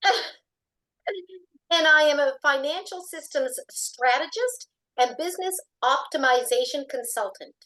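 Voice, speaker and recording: Bright, high, easygoing Canadian woman. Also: lively intonation, unhurried, rough recording. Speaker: business consultant. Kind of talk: self-introduction on a video call. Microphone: video call.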